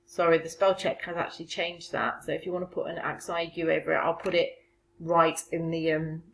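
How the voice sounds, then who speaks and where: Female french teacher doing a remote lesson, patient, a bit low voice, faint hiss. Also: level tone, a little fast, gravelly, rough recording. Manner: patient, explaining step by step.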